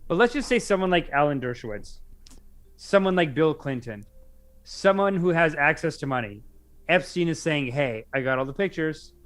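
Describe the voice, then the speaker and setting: Young male podcast co-host, casual and animated, lively pitch. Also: moderate pace, clear, resonant tone. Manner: animated, excitable, mimics others in quotes.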